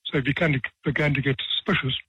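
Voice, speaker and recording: A man in his seventies with a slightly husky voice, unhurried and dry-witted, recounting old courtroom and circus stories. He comes across as a retired judge from South Africa. The sound is dull and flat, a dry radio studio recording. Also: mid-range voice, dry recording. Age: 70s. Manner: dry, self-deprecating humor, measured pace with pauses. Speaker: retired judge, author guest. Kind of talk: relaxed anecdotal storytelling.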